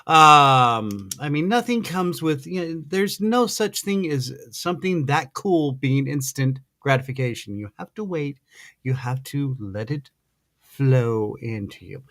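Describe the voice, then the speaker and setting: Gushing rambling podcast host. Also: male voice, a little high, very animated, unhurried, a bit bright, dry recording. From American Midwest. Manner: gushing, rambling, effusive fan. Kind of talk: excited casual interview chat.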